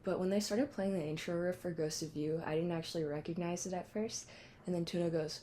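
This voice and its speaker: A woman's voice: fairly low pitch, brisk, mellow, a little hiss or hum. A young woman vlogging a casual, rambling recap with lots of fillers and giggles. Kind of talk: casual concert recap vlog.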